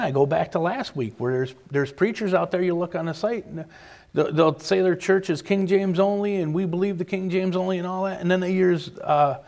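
A man's voice: on the high side, vocal fry, darkish tone. A man preaching a sermon, repeating key phrases for emphasis and acting out the voices of people he quotes.

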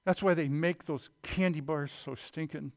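A middle-aged man preaching a sermon, telling folksy stories before reading scripture in a loud, emphatic voice. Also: fairly high pitch, fairly even intonation, moderate pace. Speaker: pastor.

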